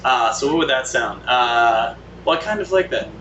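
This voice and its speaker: A man's voice: medium pitch, expressive, normal speed. A man hosting a casual livestream, playfully singing improvised songs about fans' names. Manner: playful, sings made-up tunes with a guitar. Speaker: host singing for fans. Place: indoor room on a livestream. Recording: echoey room with loud guitar.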